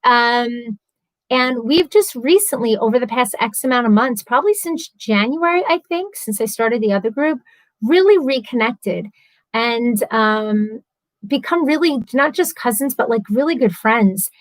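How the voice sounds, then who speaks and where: A woman's voice: on the high side, expressive, unhurried, no room sound, low-quality recording. A woman hosting a live stream from home, chatty and earnest, talking casually and openly at length. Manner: chatty and earnest, talks a lot.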